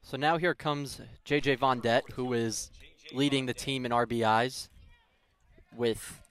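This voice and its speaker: A man giving color commentary at a high school baseball game, asking questions and offering opinions conversationally. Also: fairly even intonation, a little slow, a bit bright, smooth. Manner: conversational, asks analysis questions.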